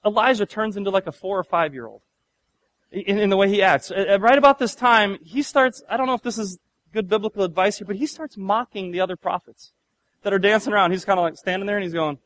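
A man preaching a sermon, telling a Bible story with humor and lively asides. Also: sits high, fast talker. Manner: lively storytelling, acts out biblical voices with humor. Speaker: pastor.

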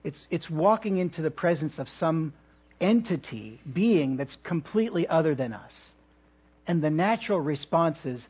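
A male pastor delivers a sermon in church, spacing his ideas with reflective pauses and bits of light humor. His higher, slightly husky and rough voice has lively intonation, though the recording sounds dull and lo-fi.

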